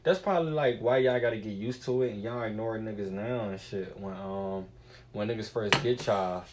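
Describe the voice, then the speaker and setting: A man's voice: on the low side, moderate pace. A man streaming a casual, rambling monologue, cursing freely as he muses aloud. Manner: profane, animated and musing.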